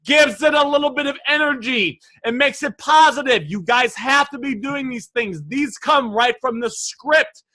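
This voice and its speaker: At a moderate pace with few pauses, a man coaches sales live online in a high, bright, forceful voice. Emphatic and energetic, he talks right to his viewers and keeps engaging them with questions.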